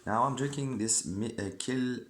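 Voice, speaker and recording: Unhurried and mid-pitched, a man rambles to his viewers over background noise, breaking off his sentences often and making chatty asides. At times he reads from a book out loud.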